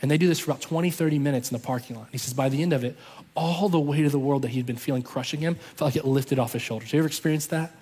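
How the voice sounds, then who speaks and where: Husky-voiced man preaching in a big echoing hall. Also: on the high side, very fast. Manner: animated, acts out voices of people in the story. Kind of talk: storytelling sermon. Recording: long reverb from a large hall.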